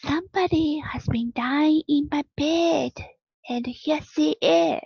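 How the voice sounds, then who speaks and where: A woman reading aloud plays the little small wee boy bear of a storybook. His lines are a high, husky whisper with a gravelly grain. The recording sounds dull and lo-fi. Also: slow pace, no room sound, heavily acted. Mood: upset.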